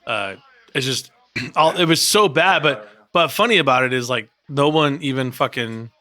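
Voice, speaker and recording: A man's voice: medium pitch, animated, moderate pace, sharp tone, no room sound. A man co-hosting a podcast in laid-back, profane casual chat. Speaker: podcast co-host.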